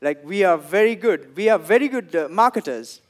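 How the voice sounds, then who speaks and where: A young man with a Sri Lankan English accent performing a stand-up comedy set, telling stories and acting out the people in them in loud bursts. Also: high-pitched, normal speed. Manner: animated storytelling, acts out quoted people in loud bursts.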